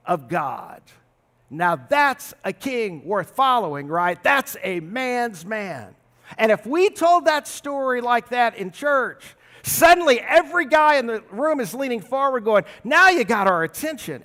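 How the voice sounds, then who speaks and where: A man preaching a sermon as pastor, telling stories with big swings between loud and soft. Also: sits high. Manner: animated storytelling with big swings of loudness. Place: large church hall. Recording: long reverb of a church hall.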